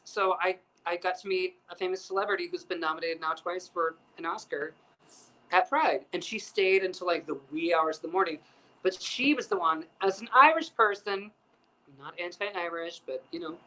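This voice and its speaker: A man with a bright, forceful voice hosts a loose chat show, spinning campy stories with plenty of profanity. He acts out the people in his anecdotes with lively quoted voices. The talk runs loose and conversational. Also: sits high, moderate pace, poor audio. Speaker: host. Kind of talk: casual chat show storytelling. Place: piano bar.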